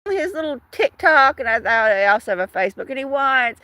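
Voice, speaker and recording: A woman's voice: sits high, very animated, a little fast, few pauses, bright, forceful tone, no echo. A woman host on a livestream, ranting in an indignant, emphatic, casual way. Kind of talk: casual ranting live chat.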